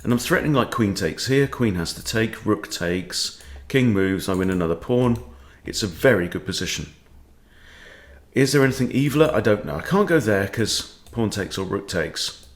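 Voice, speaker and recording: His voice is somewhat low and expressive at normal speed as he narrates his own live chess game in coaching style. The analysis is loose and playful, spoken as he thinks, with jokes dropped in along the way.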